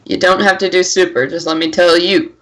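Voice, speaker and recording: A woman narrating as game master of a tabletop game, playful and excitable, swearing casually. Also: lowish voice, a little fast, rough recording.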